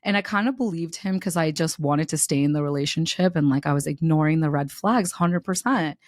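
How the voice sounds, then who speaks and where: A young adult woman on a podcast, telling a personal story in a candid, animated way, laughing as she goes and swearing freely. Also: sits low, a little fast, no room sound, clean studio sound. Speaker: podcast co-host. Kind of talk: casual podcast chat, storytelling.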